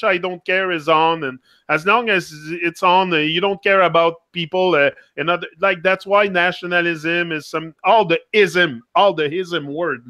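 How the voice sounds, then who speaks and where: A man hosting a casual conversation who speaks in halting phrasing with many fillers. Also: high voice, bright, forceful tone, no echo, studio quality. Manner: halting non-native phrasing, frequent fillers. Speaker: host.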